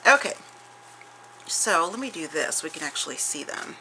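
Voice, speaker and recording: A woman's voice: low-pitched, big pitch swings, normal speed, sharp tone, slight background noise, poor audio. A middle-aged woman showing off a craft haul in chatty show-and-tell style, gushing over each piece with many fillers and restarts. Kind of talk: casual show-and-tell chat.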